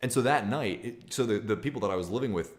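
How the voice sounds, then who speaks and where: A man's voice: fairly low pitch, fast talker. A young man streaming casually, talking in a rambling, candid way with many restarts and fillers. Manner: reads viewer comments aloud. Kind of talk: casual livestream talk.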